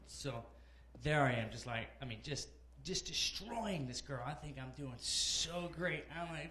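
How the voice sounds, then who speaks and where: A man in his thirties doing a conversational stand-up set in a comedy club, animated storytelling with acted-out characters. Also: fairly high pitch, unhurried, roomy sound. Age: 30s. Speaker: stand-up comic.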